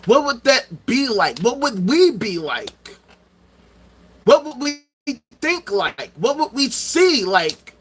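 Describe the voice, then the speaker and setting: A man with a high, bright voice rants to his viewers, swearing often and repeating himself for effect. He sounds middle-aged and keeps firing off rhetorical questions. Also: very animated, slow. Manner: loud, profane, repetitive rants. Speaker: streamer. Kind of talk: ranting livestream monologue.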